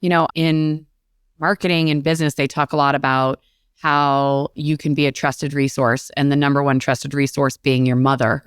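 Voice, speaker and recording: Reflective woman co-host, low and smooth, dry close sound. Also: little pitch movement, moderate pace, no echo. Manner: reflective, conversational, many fillers. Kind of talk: casual interview chat.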